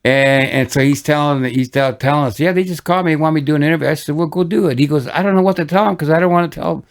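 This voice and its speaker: An older man from Michigan tells his stories as a guest on a podcast. He wanders, restarts his sentences and chuckles along the way. His voice sits a little high and has a gravelly, fried edge. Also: racing. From Michigan, USA. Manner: rambling anecdotes with many restarts and chuckles. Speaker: guest musician. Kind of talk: casual storytelling interview.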